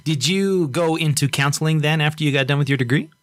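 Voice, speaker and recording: A man's voice: a little high, fast, dry recording. Idaho man hosting, dry close sound. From Idaho, United States. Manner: attentive, frequent short backchannels and questions. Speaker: podcast host. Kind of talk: casual interview.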